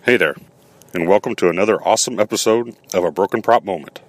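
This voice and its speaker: A man presenting a scripted hobby segment with sarcastic, animated asides. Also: lowish voice, quick pace, dry recording.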